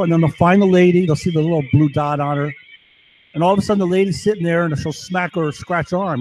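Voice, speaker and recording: A man's voice: a little high, fast, a little mellow, a little hiss or hum, poor audio. A man delivering an agitated, rambling monologue to his camera, constantly asking "right?". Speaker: vlogger.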